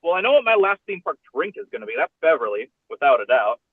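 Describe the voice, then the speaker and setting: A male guest on a tinny phone line, speaking with a high, very lively pitch. His manner is upbeat as he chats casually. The sound stays dry and narrow. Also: fast, husky, no room sound. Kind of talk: casual chat.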